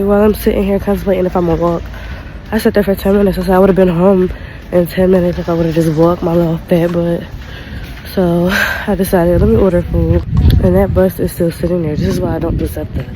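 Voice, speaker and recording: Young woman ranting into her phone outside, lowish voice, clear street noise behind. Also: flat delivery, fairly quick, dark tone. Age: young adult. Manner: chatty, exasperated, slangy. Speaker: vlogger. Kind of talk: casual storytime vlog. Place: outdoors on a city street.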